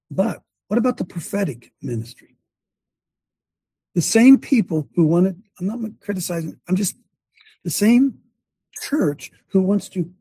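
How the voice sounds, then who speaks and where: A man preaching passionately to his congregation as host of the show, ranting with his voice leaping high when fired up. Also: dark tone, breathy edge, no room sound.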